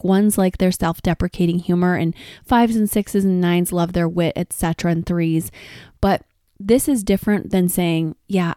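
Thirtysomething lady doing a solo podcast, chatty and upbeat, kinda low and mellow, super dry close sound. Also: dry recording. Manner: chatty, upbeat, rambling asides. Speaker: podcast host and marriage coach. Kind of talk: casual solo podcast advice.

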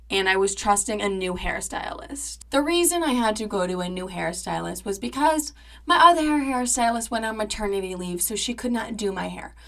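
A young woman in her twenties talks through a personal story on her podcast. Her voice is bright and crisp. She is chatty and dramatic, leans on "like" constantly, and swears freely. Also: medium pitch. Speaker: podcast host. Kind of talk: casual storytelling monologue.

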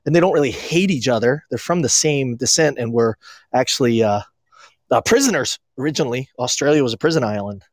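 With a medium-pitched, animated voice and a slightly fast pace, this podcast co-host from Maine spins rambling stories and acts out quotes. The casual chat is captured in a dry, clean studio recording.

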